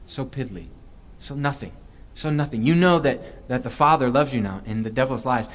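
A man's voice: mid-range voice, lively intonation, normal speed. A man co-hosting a Christian talk show, speaking earnestly and repeating phrases for emphasis. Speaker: co-host. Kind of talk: Christian podcast chat.

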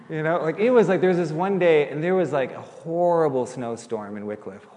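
Animated male pastor in a reverberant hall. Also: a little high, normal speed. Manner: animated, chatty, acts out quoted voices. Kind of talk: sermon storytelling.

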